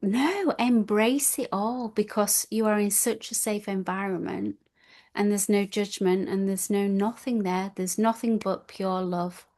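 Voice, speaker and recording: A woman's voice: medium pitch, steady tone, a little slow, darkish tone. A woman attending a retreat and sharing her experience in an interview, speaking in a heartfelt, gushing way with many restarts. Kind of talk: reflective interview answers.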